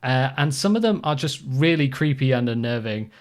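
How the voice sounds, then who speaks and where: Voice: medium pitch, lively intonation, normal speed. A podcast host catches up with co-hosts in a loose, easygoing ramble. The talk is full of fillers and restarts, with a self-deprecating streak. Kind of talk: casual podcast chat.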